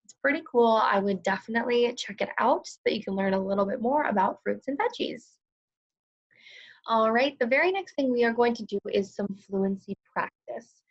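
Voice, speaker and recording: A young woman teaching a recorded lesson to second graders, speaking slowly, crisply and clearly in an encouraging way. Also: a little high, lively intonation. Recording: slightly dull lo-fi recording.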